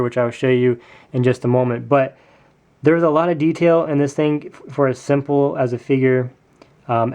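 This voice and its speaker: A man's voice: mid-range voice, a little mellow, clean tone. A man casually reviewing a custom toy build, speaking with enthusiasm and often repeating his words of praise. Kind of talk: casual product review video.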